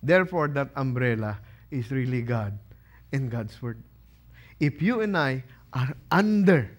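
A pastor preaches with a high, ringing voice. He keeps tossing questions to his listeners and punching out the answers himself, with plenty of emphasis. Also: a bit bright. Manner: asks the congregation questions and answers them. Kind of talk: sermon.

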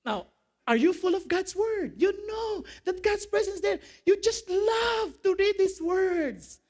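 A male pastor preaching a sermon in a very high voice. He quotes scripture, asks the congregation questions, and laughs along with his own jokes. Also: lively intonation, a little slow, darkish tone.

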